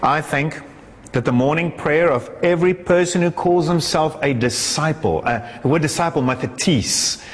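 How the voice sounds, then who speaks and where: A man preaching a sermon with passion, his delivery soaring and then dropping into a low, conversational tone. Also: normal speed. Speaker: pastor. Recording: echoey hall with long reverb.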